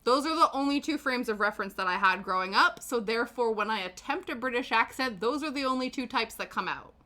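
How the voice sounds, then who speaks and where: Woman from canada chatting on her stream while knitting, bright voice, laughs a lot. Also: on the high side, lively intonation, fast talker. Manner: chatty, self-mocking, laughs often. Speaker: livestream host. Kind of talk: casual chat while knitting.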